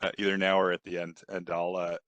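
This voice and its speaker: A man giving a technical workshop presentation on a video call, hesitant with fillers, clearing his throat and coughing. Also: low-pitched, monotone, fast, a bit bright, dry recording, lo-fi sound. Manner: hesitant, many fillers and restarts.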